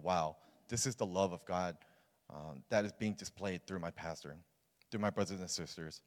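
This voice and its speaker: A young man, a youth pastor, telling a personal story in a sermon in a casual, earnest way with many fillers. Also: low voice. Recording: long reverb of a large hall.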